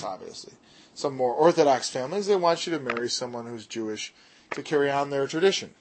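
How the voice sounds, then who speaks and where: A man teaching a casual Bible study, explaining in emphatic bursts and slowing down to stress key words, with jokey asides. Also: a little high, fairly bright tone, slight background noise. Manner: jokey, self-deprecating asides.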